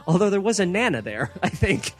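A man's voice: sits high, sing-song, fairly quick, slightly rough. A young man ranting in casual chat as a podcast co-host, slipping into mocking voices.

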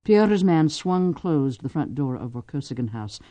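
A woman narrating a novel aloud with expressive, lively storytelling. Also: low voice, normal speed, no room sound. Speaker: audiobook narrator. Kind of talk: scripted narration.

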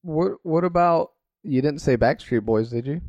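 Mellow-voiced young man with a cold. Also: a little high, animated, moderate pace, dry recording, dull audio. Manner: playful, mock-legalistic banter. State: has a cold. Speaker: podcast co-host. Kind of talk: casual joking chat.

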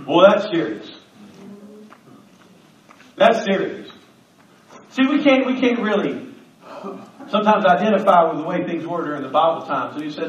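High-voiced preacher in an echoey church. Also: male voice, animated, normal speed, long pauses. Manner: emphatic, conversational preaching with humor. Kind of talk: sermon. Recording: echoey church, distant mic, slightly dull.

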